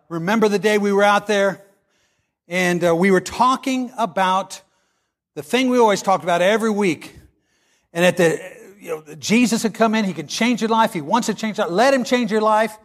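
A pastor with a high, slightly bright voice preaches his sermon with real passion. He reads scripture slowly and dramatically, then picks up speed as he moves into teaching and telling stories.

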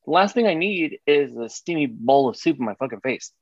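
A man's voice: mid-range voice, brisk, husky, no room sound, lo-fi sound. A man co-hosting a casual podcast, telling a story with lots of laughter and swearing. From Mexican-American household. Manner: animated storytelling, laughing, profane. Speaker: podcast co-host. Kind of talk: casual chat.

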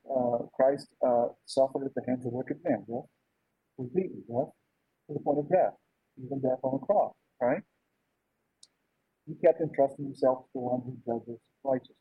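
A man's voice: mid-range voice, moderate pace, husky, no echo. A man preaching a conversational sermon in an informal way, often checking in with "right?". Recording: dull lo-fi sound.

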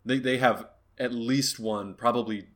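A man's voice: medium pitch, steady tone, unhurried. A young man co-hosting a podcast in casual chat, arguing his point and explaining at length. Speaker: podcast co-host.

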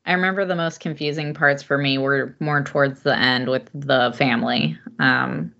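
A woman's voice: extremely low pitch, fairly even intonation, normal speed, vocal fry, a bit bright, lo-fi sound. A woman co-hosting a podcast, giggly and easygoing as she talks about films. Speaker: podcast co-host. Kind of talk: casual movie review chat.

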